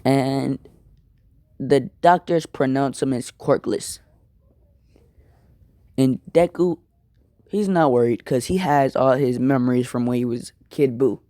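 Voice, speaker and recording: Casual young male storyteller, unhurried, filler-heavy, dry recording. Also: medium pitch, fairly even intonation, warm tone, dry recording. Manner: rambling, filler-heavy, apologetic asides. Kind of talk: casual spoken fan-fiction retelling.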